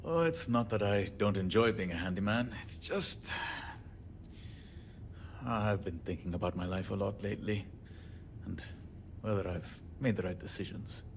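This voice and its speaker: A man's voice: on the low side, normal speed, pauses often, slight background noise, natural voice. A man playing a wry, short-tempered handyman. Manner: wry, joking, self-deprecating. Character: irritable self-deprecating male handyman, joking. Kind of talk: video game character dialogue.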